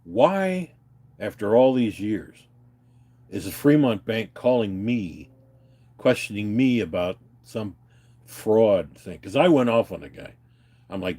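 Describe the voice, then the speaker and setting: His voice is lowish, mellow, and expressive, and he speaks at a slow pace. The livestreamer, answering chat, goes on an agitated, unscripted rant, swearing and telling viewers stories about his grievances.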